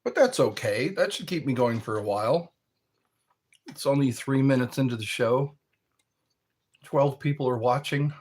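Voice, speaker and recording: A man's voice: medium pitch, normal speed, long pauses, darkish tone, breathy edge. A man hosting a live stream, chatting in a rambling, playful way while he snacks and spells words out.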